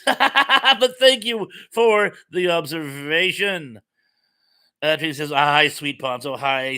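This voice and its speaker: A man's voice: fairly high pitch, bright, forceful tone. A middle-aged man from Massachusetts hosting a casual live chat, reading viewers' comments aloud and adding jokey asides. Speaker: livestream host.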